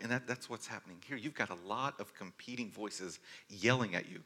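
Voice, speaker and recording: A male pastor delivers a sermon in earnest, storytelling fashion. His voice is bright and clear at a middling pitch, and he swings from forceful emphasis to quiet, intimate moments. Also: normal speed. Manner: earnest storytelling, varies loudness from forceful to hushed.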